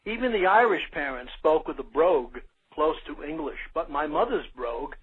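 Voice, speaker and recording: A man's voice: a little high, lively intonation, normal speed, husky. An older man from Brooklyn, New York, reading his own short story aloud in a plain, earnest way. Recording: narrow phone-like sound.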